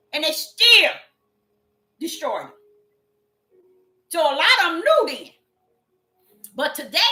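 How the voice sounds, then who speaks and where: A woman's voice: sits high, sharp tone. A woman preaching a sermon in an emphatic way, repeating her phrases and drawing out the scripture she reads. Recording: echoey room with faint music.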